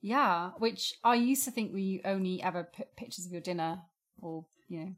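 A woman's voice: fairly low pitch, moderate pace. A woman co-hosting a podcast in casual chat, bantering and teasing, often laughing. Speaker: podcast co-host.

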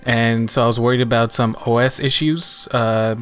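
A man's voice: medium pitch, steady tone, normal speed, a bit bright, clean tone. Hesitant male podcast host. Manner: hesitant, many fillers and restarts. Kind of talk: casual podcast chat.

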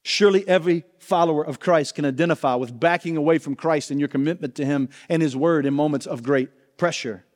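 A pastor delivers an earnest sermon in a high, bright-edged voice, pressing his listeners with direct questions. His words ring out with a long reverb, as from a church sanctuary. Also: a little fast, hardly any pauses.

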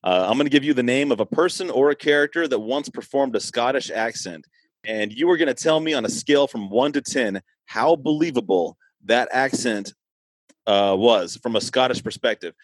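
A man's voice: medium pitch, expressive, moderate pace, dry recording, rough recording. A man hosting a podcast in a laid-back, joking way. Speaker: podcast host.

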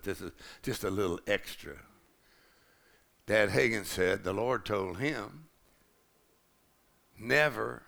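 Gravelly male preacher. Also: fairly low pitch. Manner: rising to shouted declarations with a gravelly voice. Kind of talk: sermon. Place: large church auditorium.

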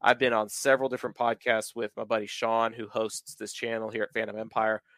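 A man's voice: fairly low pitch, little pitch movement, a little fast, a bit bright, no room sound. A man in his thirties from the American South, talking at length as a podcast host, with plenty of filler words. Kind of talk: casual podcast chat.

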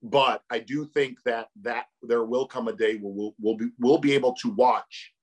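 Middle-aged male guest, lively anecdote teller, average pitch. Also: moderate pace. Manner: animated, laughing storyteller. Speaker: tournament commentator, guest. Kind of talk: casual interview storytelling.

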